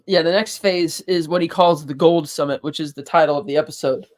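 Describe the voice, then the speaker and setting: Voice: mid-range voice, steady tone, a little fast. A podcast co-host recapping a TV episode in loose casual chat, swearing freely, chuckling and stumbling over words as they act out the characters' lines. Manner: rambling, profane, acts out quotes; frequent fillers and restarts, chuckles.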